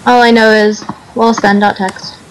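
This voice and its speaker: A woman's voice: a little high, little pitch movement, measured pace, a little hiss or hum, poor audio. Curious woman asking questions among friends. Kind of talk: casual chat.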